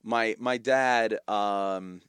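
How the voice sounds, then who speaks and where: Low-voiced man telling family stories. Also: very slow, clean tone, no room sound, clean studio sound. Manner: animated storyteller, many fillers and restarts. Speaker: guest, media company founder. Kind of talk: casual interview storytelling.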